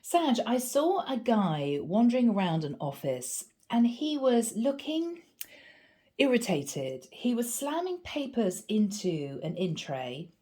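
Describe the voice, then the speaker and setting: A woman with a gravelly voice from a cold, giving a chatty, animated tarot reading. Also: on the high side, slow pace. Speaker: tarot reader. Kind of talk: casual spoken tarot reading.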